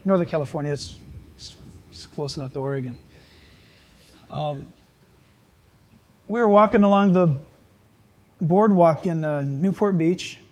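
Older male pastor, high voice, lively storytelling sermon delivery. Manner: animated, jokey storyteller with rising excitement.

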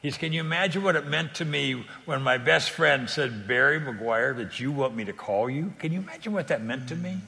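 An older man from California speaks in a gravelly, middle-pitched voice. He tells stories earnestly and conversationally, stumbling over repeated words and laughing easily. A long reverb trails behind his voice. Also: a little fast, few pauses, pushed and bright. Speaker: guest speaker on faith sharing. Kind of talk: conversational testimony.

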